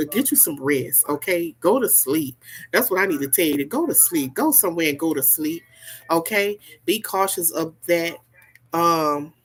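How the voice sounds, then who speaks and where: A woman giving a spiritual reading in a casual, folksy, preachy way, repeating herself and checking in with "okay?" often. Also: low-pitched. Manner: repetitive, preachy, folksy, keeps asking "okay?". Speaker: spiritual reader.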